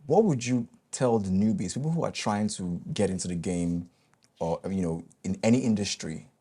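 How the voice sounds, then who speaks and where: A man's voice: low voice, normal speed, dark tone, husky. A man hosting an interview, asking encouraging questions and summing up advice. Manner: encouraging, wrapping up. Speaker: host.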